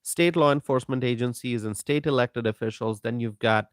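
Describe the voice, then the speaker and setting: A man hosting a political commentary live stream, talking in a slow, emphatic way, repeating himself and greeting viewers by name. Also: mid-range voice, no echo, clean studio sound.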